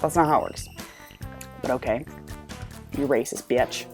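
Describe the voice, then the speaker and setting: A woman's voice: rumbling low, moderate pace, soft background music. A woman hosting a reaction video, ranting with plenty of swearing and exasperation. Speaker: host.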